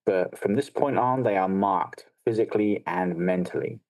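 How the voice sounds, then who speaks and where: A man's voice: deep voice, normal speed, a little mellow, no echo, rough recording. A man co-hosting a film podcast, analytical and blunt, swearing freely. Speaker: podcast co-host. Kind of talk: casual film discussion.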